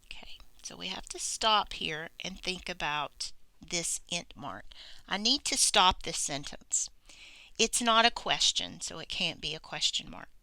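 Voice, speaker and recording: A woman teaching a grammar lesson, explaining slowly and deliberately and acting out example sentences. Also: fairly low pitch, lively intonation, gravelly, sharp tone, no room sound, whispered.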